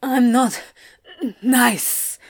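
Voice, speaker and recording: A woman doing a breathless, drawn-out male demon. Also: on the high side, expressive, a little mellow, no echo, clean studio sound, exaggerated voice. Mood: pleading.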